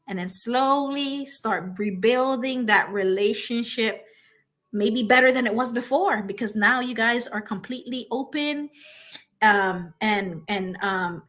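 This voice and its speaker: Bright, emphatic woman giving a motivational talk. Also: medium pitch. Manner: emphatic, repeats points with frequent "right?". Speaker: host.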